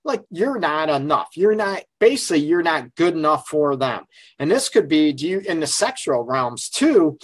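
A man's voice: a little high, very animated, moderate pace, breathy edge, no echo. Rambling middle-aged male radio host, dry sound. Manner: rambling and frank, with frequent fillers. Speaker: radio show host and relationship counselor. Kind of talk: casual live call-in radio talk. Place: his office.

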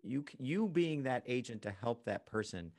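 A man co-hosting a casual real estate talk, lively and laughing easily, acting out what people say. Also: medium pitch, moderate pace. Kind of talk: casual conversational chat.

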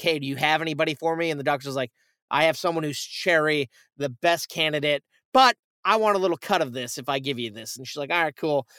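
A man with a high, bright voice tells a film plot in loose, casual chat. He slips in characters' quoted lines as he goes and swears freely. The sound is dry and close, with no room around it. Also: clear, resonant tone, dry recording. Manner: animated storytelling, swearing, quick quoted asides. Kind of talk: casual movie recap.

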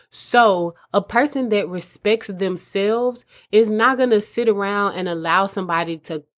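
A woman giving earnest, conversational advice to mothers as a host. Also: lowish voice. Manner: earnest, conversational, addresses listeners as mamas. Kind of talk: casual advice talk.

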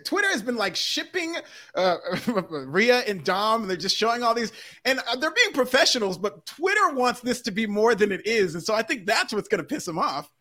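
A man co-hosting a podcast in casual chat, animated and jokey, laughing often. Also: extremely high pitch, moderate pace. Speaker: podcast co-host.

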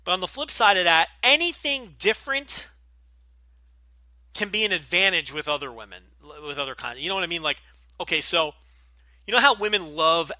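Middle-aged podcast host from New Jersey, light Jersey accent, bright and sharp tone, blunt and profane, dry close mic. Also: male voice, a little high, no room sound. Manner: blunt, profane, rambling with many fillers. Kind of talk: casual Q&A podcast.

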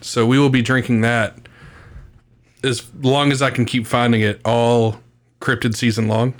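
A man's voice: medium pitch, level tone, a little slow. Brief: male podcast co-host, easygoing and profane, casual chat. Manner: laid-back, swears freely, slangy.

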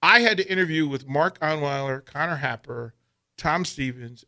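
A man's voice: on the high side, moderate pace, pushed and bright. A man hosting a sports radio show, telling a story in a casual chat, laughing often and using casual slang as he acts out quotes.

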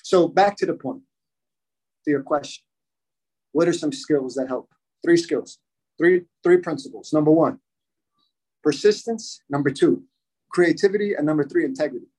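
A young man talks through an interview answer in a husky, slightly raised voice. He circles back, repeats phrases and starts sentences over, giving his answer in a loose and rambling way. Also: fairly high pitch, normal speed, long pauses, darkish tone, poor audio. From United States. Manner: rambling, repeats himself, many restarts.

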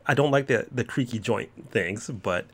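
A man's voice: medium pitch, normal speed, husky. A man from Texas, in his thirties, co-hosting a casual podcast chat. He jokes, swears freely and drops into comic voices. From Southern US, Texas. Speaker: podcast co-host.

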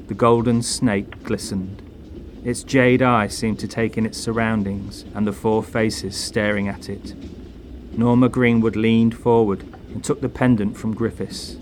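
A man narrating a horror audio story in a measured, atmospheric way. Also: on the low side, fairly even intonation, a little mellow, a little hiss or hum.

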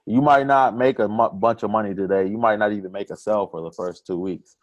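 Low voiced dude on a podcast, chill and slangy, gives pep talk advice. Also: male voice, steady tone, a little fast, lo-fi sound. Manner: laid-back slangy motivational talk. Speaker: podcast guest. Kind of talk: casual podcast interview.

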